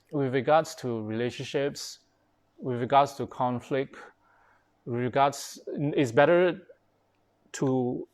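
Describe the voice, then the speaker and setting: Man, Buddhist pastor, informal live-stream dharma talk, chatty, fillers and restarts, mid-range voice. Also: mid-range voice. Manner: replies to viewer comments as he goes.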